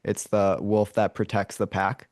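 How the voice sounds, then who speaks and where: A man with a fairly low voice tells a movie's story in a loose, rambling way, stopping to act out lines and roars. He speaks in a small, dry room with no echo. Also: monotone, unhurried, a little mellow. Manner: rambling, many fillers and restarts. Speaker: podcast host retelling a movie. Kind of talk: casual storytelling to his brother.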